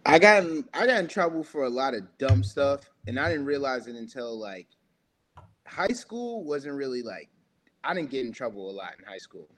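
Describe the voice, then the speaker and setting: A man's voice: medium pitch, lively intonation, moderate pace, fairly bright tone. Young man rambling through a story. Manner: rambling, loose and laid-back, heavy filler words. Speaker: podcast guest. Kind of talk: casual storytelling.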